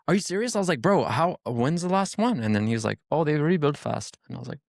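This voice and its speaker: A fast-talking man with a gravelly, creaky edge to his voice, chatting casually on a podcast. He tells stories with energy, jumps into the voices of the people he quotes, and swears freely. The sound is dry and close, with no room echo. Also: a little high. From Hispanic family background. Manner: animated storyteller, acts out quotes, swears freely. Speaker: podcast guest. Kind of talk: casual chat. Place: podcast studio.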